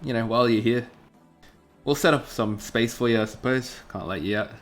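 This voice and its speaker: A man's voice: medium pitch, a little fast, faint music behind, natural voice. A man voicing a friendly, easygoing young male farmer who talks in a chatty, hospitable way. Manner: chatty, laid-back, hospitable.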